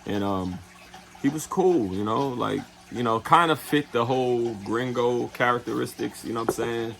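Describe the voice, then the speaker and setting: Gravelly-voiced man telling a travel story. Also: mid-range voice, background noise. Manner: loose and profane, heavy fillers like "you know what I'm saying"; acts out other people's lines in quick put-on voices. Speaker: travel vlogger. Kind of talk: casual storytelling.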